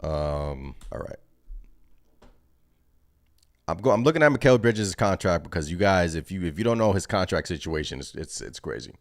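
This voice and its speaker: A man hosting a basketball fan channel, reacting live in an excited, rambling way as he thinks aloud. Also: low voice, brisk.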